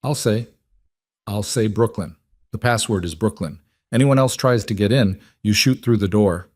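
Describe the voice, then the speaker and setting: A man's voice: on the low side, moderate pace, a little mellow, dry recording, lightly acted. A man reading a commanding male mafia boss who gives clipped, urgent orders. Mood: tense.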